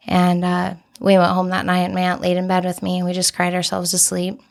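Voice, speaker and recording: A woman's voice: lowish voice, monotone, normal speed, gravelly. A young adult woman, a podcast guest, telling a personal story in an earnest, candid way with many casual fillers.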